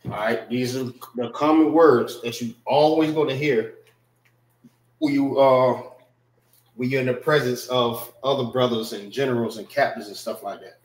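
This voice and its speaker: A man teaching an informal class, explaining words slowly, often checking in with "all right" and speaking. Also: mid-range voice, fairly even intonation, echoey room, rough recording. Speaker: class instructor.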